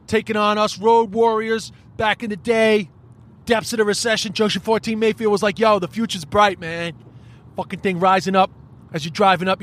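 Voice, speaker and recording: An Irish man hosting a podcast, ranting in a profane, rambling, animated comic style. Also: sits high. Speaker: podcast host. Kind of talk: solo comedic podcast rant.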